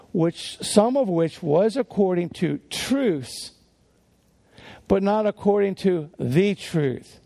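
A male pastor delivers a sermon in a loose, conversational way, laughing softly and doubling back on his words. His voice is a little high for a man but dark and mellow in tone, with a gravelly edge. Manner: conversational with chuckles and repeated restarts. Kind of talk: sermon teaching.

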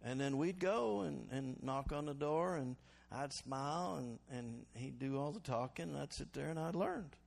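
A man preaching a sermon as pastor, calling for responses from the congregation and swinging between loud exhortation and quiet reflection. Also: fairly high pitch, moderate pace, vocal fry, few pauses.

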